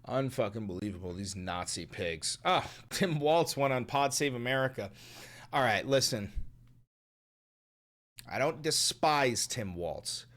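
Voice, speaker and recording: Male channel host doing casual reaction commentary; angry, profane, loudness swinging up and down. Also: mid-range voice, expressive, unhurried.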